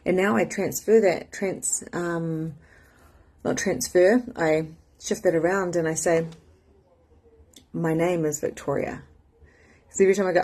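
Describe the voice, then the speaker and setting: A woman in her thirties talks candidly and with animation in a casual motivational chat. Her voice sits on the low side and has a husky edge. Now and then she jumps up high to mimic a friend. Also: moderate pace, dark tone. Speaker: host.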